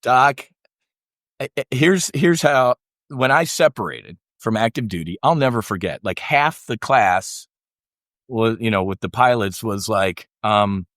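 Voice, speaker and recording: A man's voice: medium pitch, animated, measured pace, a bit bright, no room sound, clean studio sound. A middle-aged man, a military veteran guest on a podcast, telling a candid personal story in a rambling way, restarting often and acting out the voices of people he quotes.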